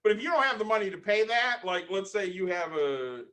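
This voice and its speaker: A man co-hosting a casual podcast, answering calmly with dry counterpoints. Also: high-pitched, brisk. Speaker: podcast co-host. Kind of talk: casual chat.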